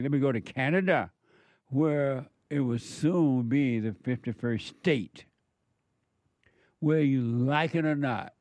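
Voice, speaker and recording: A man hosting a spiritual call-in radio show, talking in a slow, preachy way with repeated emphatic phrases. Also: medium pitch, no echo.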